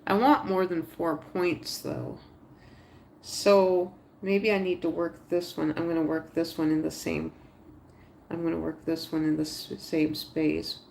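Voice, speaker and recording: A woman's voice: sits low, little pitch movement, measured pace, gravelly, darkish tone, slight background noise. A woman livestreaming a crochet tutorial, thinking aloud step by step, chatting with viewers and talking to her stitches. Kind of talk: casual live tutorial narration.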